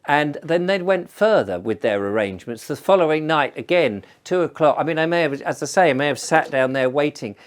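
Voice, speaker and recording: A man's voice: a little high, lively intonation, brisk, hardly any pauses. A middle-aged man telling a story in a rambling, conversational way with frequent restarts. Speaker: storyteller host. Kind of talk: chatty spoken storytelling.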